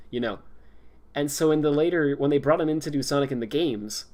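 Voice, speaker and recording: A man's voice: fairly high pitch, normal speed. A young man chatting casually on a stream, rambling and laughing often. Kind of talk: casual chat.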